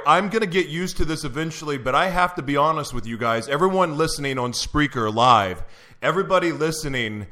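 A man's voice: on the high side, lively intonation, fairly quick, bright, forceful tone. A man hosting a live radio show from a studio, giddy and emotional, stumbling over his intros.

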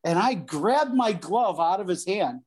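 A man's voice: sits high, a little slow, breathy edge. A middle-aged man, a former pro baseball player, casually telling stories as a guest and acting out the voices in them. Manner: animated, acts out voices in anecdotes. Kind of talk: casual storytelling.

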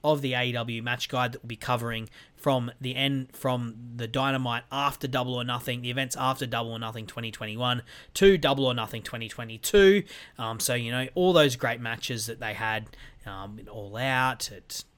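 A man's voice: medium pitch, moderate pace, fairly bright tone. A man hosting his own podcast from a room at home, talking casually and rambling with frequent ums and restarts. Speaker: podcast host. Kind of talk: casual solo podcast sign-off.

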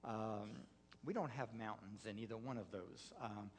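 A man, a pastor, preaching a sermon through a personal story, halting with many fillers and restarts. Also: lowish voice, breathy edge. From United States.

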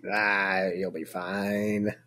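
A man co-hosting a podcast, chatting in a relaxed way and laughing often. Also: low-pitched, very slow. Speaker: podcast co-host. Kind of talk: casual chat.

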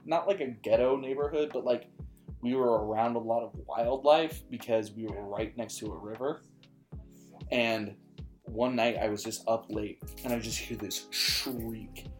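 A man's voice: medium pitch, moderate pace. A young man telling personal stories in casual chat, full of like and filler words. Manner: filler-heavy, says like a lot. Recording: faint guitar music behind.

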